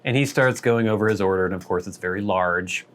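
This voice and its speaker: Man, lowish voice, casual storytelling, wry, rambling, self-deprecating. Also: brisk. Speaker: vlog host.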